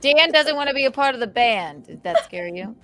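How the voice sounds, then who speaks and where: A woman's voice: high-pitched, sing-song, brisk, fairly bright tone, soft background music. A woman hosting a casual late-night chat, playful and teasing, cracking jokes with her friends. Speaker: host.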